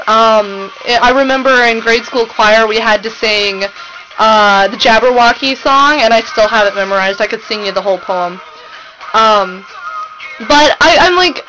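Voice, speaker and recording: A young woman gushes into her webcam at home, rambling breathlessly and tripping over fillers. Her voice sits a little high and sounds bright and sharp, with faint music playing behind her. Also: rough recording. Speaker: vlogger. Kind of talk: excited fangirl vlog chat. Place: home room.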